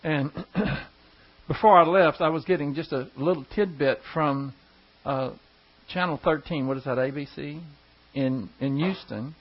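A pastor chats with his flock in a loose, folksy ramble and chuckles between stories. His voice sits a bit high for a man and has a husky grain. The recording is dull and lo-fi. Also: measured pace. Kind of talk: casual storytelling to a congregation.

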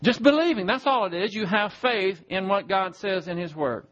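High-voiced preacher teaching scripture. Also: male voice, a bit bright, highs cut off. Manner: teaching Bible verses, spelling out Greek words slowly. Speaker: pastor. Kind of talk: sermon. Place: church.

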